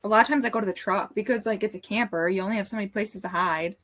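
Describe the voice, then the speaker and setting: A woman's voice: mid-range voice, very fast, a bit bright. A woman guest on a podcast, chatting casually and self-consciously with many fillers. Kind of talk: casual chat.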